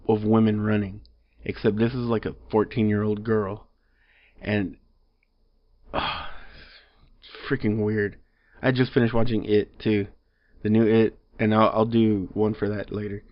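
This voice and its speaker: A man's voice: fairly low pitch, steady tone, a little slow, long pauses. Rambling exasperated man, lo-fi. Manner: rambling, exasperated, lots of fillers. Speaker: movie reviewer. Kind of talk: casual rambling review. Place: home room. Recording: slightly dull lo-fi audio.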